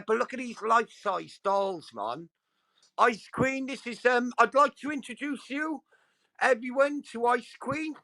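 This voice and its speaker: A man chatting casually on a livestream from home, crude and mocking, swearing constantly, with sudden loud outbursts. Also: very high voice, no echo. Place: at home with dogs nearby.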